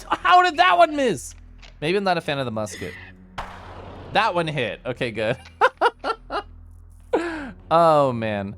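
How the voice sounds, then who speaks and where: A streamer casually chatting with viewers while playing a game, giggly and playful. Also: medium pitch. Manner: giggly, playful, talking to chat. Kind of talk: casual live-stream gameplay chat. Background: faint game music.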